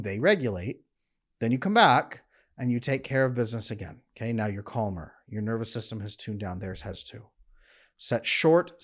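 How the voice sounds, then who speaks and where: A man who is a relationship coach, giving an earnest, emphatic instructional monologue that slows down at times to demonstrate calm. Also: mid-range voice.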